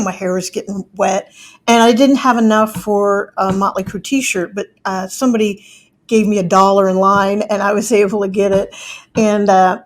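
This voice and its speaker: A middle-aged woman telling a personal story in a chatty way, acting out the people she quotes. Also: medium pitch.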